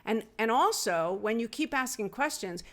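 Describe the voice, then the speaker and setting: A woman's voice: fairly high pitch, lively intonation, moderate pace. A middle-aged woman, the host's mother, telling a personal story in a casual podcast conversation, with fillers and restarts. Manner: warm anecdotal telling with many fillers and restarts.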